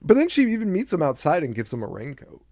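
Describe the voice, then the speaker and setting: Podcast guy recapping a movie, gravelly voice that swings all over, keeps cracking up, dry sound. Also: on the high side, huge pitch swings, quick pace, darkish tone, dry recording. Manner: laughing, loose and profane, acts out quotes. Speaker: podcast co-host. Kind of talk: casual chat recapping a film.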